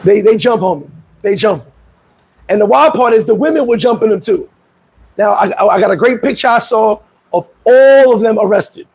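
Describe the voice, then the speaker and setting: Guy ranting casually, husky voice, does the voices of people he's quoting. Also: high voice, normal speed, rough recording. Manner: animated storytelling, acts out quoted voices. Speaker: vlog host. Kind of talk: casual commentary. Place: Dominican Republic.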